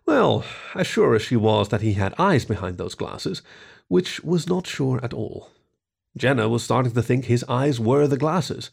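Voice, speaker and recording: A man narrating a short story in an expressive reading voice. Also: medium pitch, measured pace, vocal fry, breathy edge.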